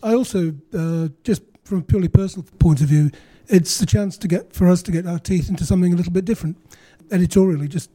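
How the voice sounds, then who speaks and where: A man's voice: sits high, fast, hardly any pauses, dark tone. A man who writes for a magazine, chatting casually on a panel with a few fillers. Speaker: magazine journalist.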